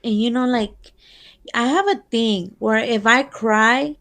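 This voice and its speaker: Slow, gravelly Latina podcast co-host. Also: female voice, a little high, fairly bright tone. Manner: candid, profane, switches into Spanish. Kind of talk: casual chat.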